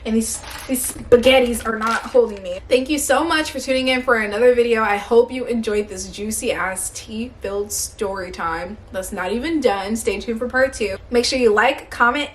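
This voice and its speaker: A young woman vlogger telling a workplace story in a blunt, animated rant, swearing often and sounding tired and hungry. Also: fairly high pitch, normal speed, few pauses.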